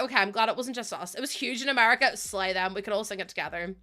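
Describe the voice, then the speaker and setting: A woman's voice: mid-range voice, racing, hardly any pauses, sharp tone. A woman in her twenties chatting casually on a live stream, rambling and laughing often.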